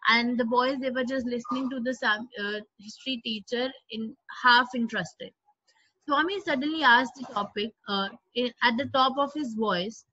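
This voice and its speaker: A woman's voice: fairly high pitch, moderate pace, sharp tone, husky, no room sound, lo-fi sound. A woman teacher reads a story aloud to a class and explains it, repeating lines and glossing hard words. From India.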